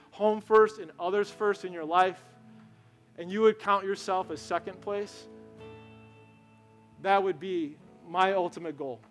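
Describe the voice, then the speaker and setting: A pastor with a high, light voice talks to his congregation in a relaxed, storytelling way, often asking them questions. Soft guitar music plays faintly behind his sermon. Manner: conversational, storytelling, asks the crowd questions. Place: church sanctuary.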